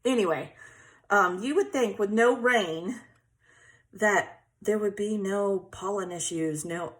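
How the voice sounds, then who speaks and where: A woman's voice: mid-range voice, takes it slowly. Lady showing a paper craft, chatty, laughs easy, keeps asking okay. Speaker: craft tutorial host. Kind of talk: casual crafting tutorial.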